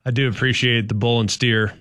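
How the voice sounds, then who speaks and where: A man's voice: mid-range voice, steady tone, fairly quick, fairly bright tone, no echo. Sports talk co-host, man, emphatic and repetitive, dry close sound. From Dallas-Fort Worth, Texas. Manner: emphatic, repeats points, laughs between lines. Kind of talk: sports talk radio chat.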